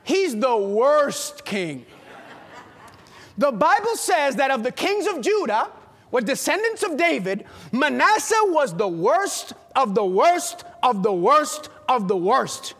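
A man preaching a sermon, dramatic and animated, firing rhetorical questions at the congregation. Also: very high-pitched, slow. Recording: long hall reverb.

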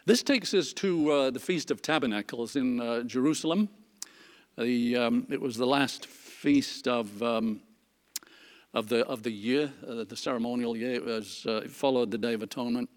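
A man's voice: medium pitch, normal speed. A man leading a Bible study, reading scripture aloud earnestly, with frequent fillers and restarts. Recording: long hall reverb.

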